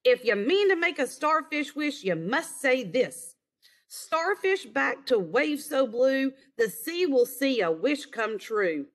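A woman voicing a grumpy old male seaside hermit who scolds gruffly and deliberately, in a storybook reading. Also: sits high, very animated, voice pushed up, full character voice. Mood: instructive.

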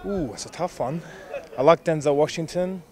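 A young man with an Australian accent, a rugby league player answering interview questions outdoors in a relaxed way. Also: fairly high pitch, moderate pace, soft background music.

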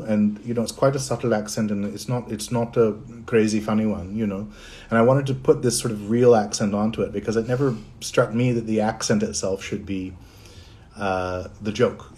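A man's voice: on the low side, darkish tone. Man chatting casually with fans. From Canada. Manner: reads out fan comments and answers them in a chatty, friendly way. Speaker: voice actor answering fan chat on a livestream. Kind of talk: casual livestream chat.

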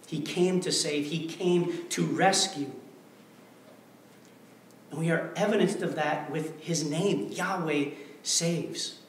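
A male pastor preaching a sermon, emphatic and repetitive, swinging between hushed passages and forceful declarations. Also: on the high side, takes it slowly, pauses often, slight background noise. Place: church sanctuary. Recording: very echoey church hall, mic far off.

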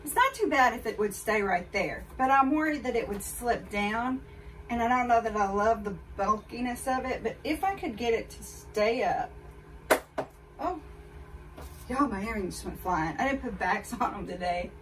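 A woman's voice: on the high side, lively intonation, moderate pace. Chatty woman vlogger, slightly distant mic. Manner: chatty, candid, addresses viewers directly. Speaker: fashion haul vlogger. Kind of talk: casual try-on haul chat. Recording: voice a bit far from mic, faint background noise.

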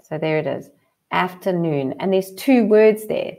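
A woman, teaching a child to sound out and spell a word, slowly and deliberately. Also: on the low side, mellow. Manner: slow, deliberate sounding out of letters. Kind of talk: phonics lesson.

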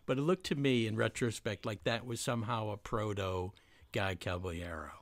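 A man's voice: on the low side, normal speed, dry recording. A man hosting a podcast interview, prompting his guest with detailed questions. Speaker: podcast host. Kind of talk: casual interview.

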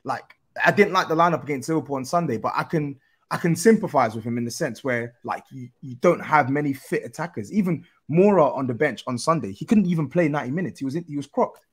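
Husky man in earnest chat. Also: on the high side, lively intonation, quick pace. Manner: earnest, building to exasperated rants. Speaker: football podcast panelist. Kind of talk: casual chat.

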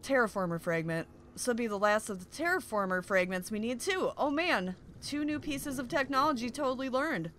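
A young woman hosting a game playthrough, commenting excitedly and often gasping "oh my gosh" at what she finds. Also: fairly high pitch, brisk, few pauses, slight background noise. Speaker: gaming video host. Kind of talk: excited let's-play commentary.

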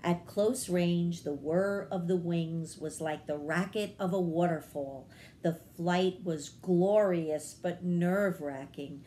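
A woman reading a children's chapter book aloud as a librarian, in a gentle storytelling manner. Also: fairly low pitch, slow pace, a little hiss or hum.

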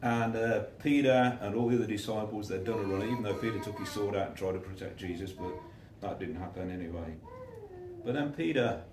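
A man's voice: fairly low pitch, fairly quick, recorded from a distance, a crowd in the background. Man preaching in an echoey room. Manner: chatty, acts out the voices in his stories. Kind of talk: informal sermon with storytelling.

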